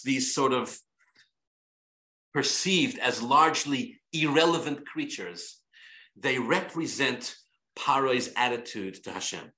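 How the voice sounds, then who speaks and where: A man, a rabbi, teaching a Torah class in an animated way, repeating himself and restarting phrases. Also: mid-range voice, roomy sound. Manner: animated, repetitive, many restarts.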